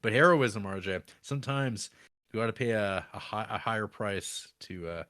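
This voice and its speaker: Male co-host, lowish voice, relaxed plot recap. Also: normal speed, no room sound, studio quality. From Canada. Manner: laid-back plot recapping, chuckling. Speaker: podcast co-host. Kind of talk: casual podcast chat.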